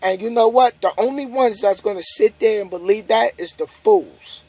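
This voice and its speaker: A high-voiced trucker vlogger, tired and yawning, gives a motivational monologue to the camera at a normal speed. His tone is darkish with no echo, and his manner is casual, repetitive and preachy as he builds up emphasis.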